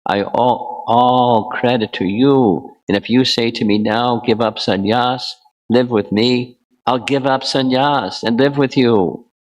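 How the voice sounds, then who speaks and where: A man's voice: mid-range voice, fairly even intonation, slow pace, muffled recording, pitched above the performer's own voice, close to an everyday voice. A man voicing a young monk who humbly and earnestly blames himself before his mother. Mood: remorseful.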